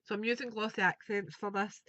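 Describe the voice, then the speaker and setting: A woman's voice: medium pitch, fairly quick, sharp tone, slight background noise, poor audio. Chatty woman crafting aloud. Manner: chatty, thinking aloud while working. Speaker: craft tutor. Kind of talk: live craft tutorial.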